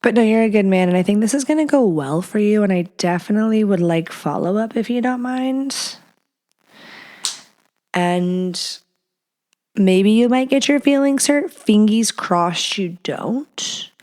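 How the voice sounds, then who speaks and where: A woman's voice: medium pitch, expressive, unhurried, darkish tone. A woman hosting a podcast, giving frank, playful advice in a casual chat, sometimes dropping into a whisper. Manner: blunt and playful, slips into whispers and acted quotes. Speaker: podcast host.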